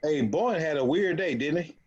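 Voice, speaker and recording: This options trading group leader explains things casually while sharing his screen, his delivery halting and full of fillers and restarted sentences. His voice sits on the high side, expressive with a breathy edge, and the sound is lo-fi.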